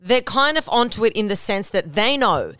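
A woman's voice: medium pitch, normal speed, no room sound, studio quality. A woman hosting a podcast, giving direct relationship advice in a coaching monologue. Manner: direct, coaching, lively with acted-out asides. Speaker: podcast host.

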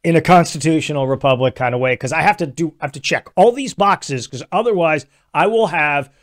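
A man's voice: on the high side, brisk. A man hosting a political commentary show, delivering a sarcastic, mocking opinion monologue.

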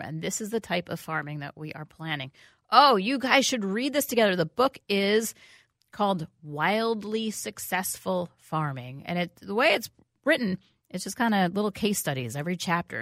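Chatty woman radio host, low voice. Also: a bit bright, no room sound, studio quality. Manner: chatty, rambling with many fillers and restarts. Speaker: radio food show host. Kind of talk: casual talk radio chat.

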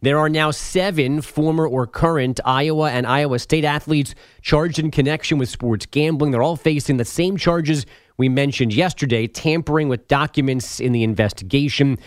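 Brisk male sports radio host, dry studio. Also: fairly high pitch, clean tone, no room sound. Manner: brisk, joking newsreader delivery. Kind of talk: sports headlines read with banter.

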